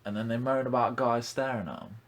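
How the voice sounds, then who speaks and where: A man's voice: mid-range voice, steady tone, a little fast. A young man hosting a casual podcast, blunt and ranting, swearing freely. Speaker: podcast host.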